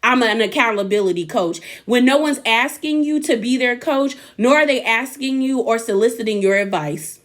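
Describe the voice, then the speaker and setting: A sassy young woman talks through a reality show episode in loose, casual chat, slipping into what each person said. Her voice sits a little on the high side, and she is quick to give her own take. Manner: sassy, animated, acts out quotes. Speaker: reality TV recap vlogger.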